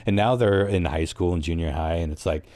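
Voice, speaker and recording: A man's voice: low voice, a little fast, dark tone, dry recording. A man co-hosting a podcast, rambling in casual chat, swearing and joking along. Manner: rambling and chatty, swears, chimes in with jokes. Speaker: podcast co-host.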